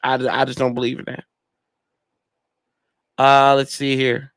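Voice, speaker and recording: A man's voice: medium pitch, monotone, a little slow, a bit bright, clear, resonant tone, no room sound. A man hosting a casual sports fan livestream, rambling in slangy talk and reading chat comments aloud. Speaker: podcast host reading live chat.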